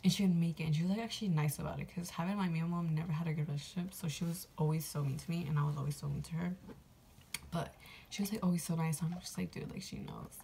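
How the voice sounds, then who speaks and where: A young adult woman vlogger tells her camera a personal story, talking fast in a low, gravelly voice with a dark, mellow, steady tone. She rambles with lots of fillers and gets emotional, and faint room ambience hums behind her.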